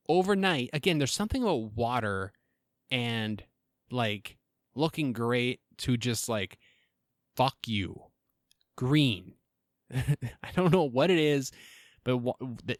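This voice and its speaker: A man talks alone into a close mic for his podcast, wandering from tangent to tangent with crude jokes and stumbling restarts. His voice sits at an ordinary pitch for a man and sounds dry, with no room around it. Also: clean tone, dry recording. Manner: rambling, self-interrupting, profane and joking. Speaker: podcast host. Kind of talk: casual solo podcast monologue.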